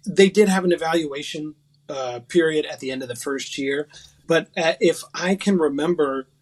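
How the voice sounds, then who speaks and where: A man in his thirties, from West Virginia, chats as an interview guest. His voice sits a bit high for a man, and he tells his stories in a loose, self-mocking way, full of ums and restarts. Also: moderate pace. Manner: chatty, self-mocking storyteller with frequent fillers. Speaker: podcast guest, actor. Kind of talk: casual interview chat.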